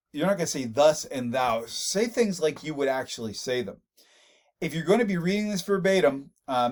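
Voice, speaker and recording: A male instructor delivers a recorded online lecture on public speaking. His voice sits a little higher than most men's. He talks loosely and conversationally, doubling up words as he thinks. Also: darkish tone.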